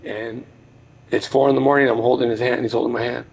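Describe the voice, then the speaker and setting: Gravelly middle-aged man, earnest storytelling. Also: medium pitch, little pitch movement, fast, a little mellow, rough recording. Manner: earnest, heartfelt, reflective. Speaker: podcast guest, former boxer. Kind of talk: personal storytelling in conversation.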